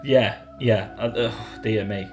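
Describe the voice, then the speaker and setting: This British man co-hosts a casual podcast, joking, riffing, and laughing often in easy banter. His voice is fairly low, steady in tone, and a little slow, with a faint music bed behind him.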